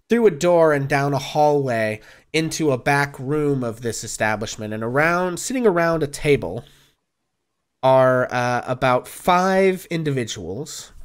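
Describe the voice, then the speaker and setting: A man's voice: mid-range voice, clean tone. A man narrating as game master of a tabletop game, describing scenes with many fillers.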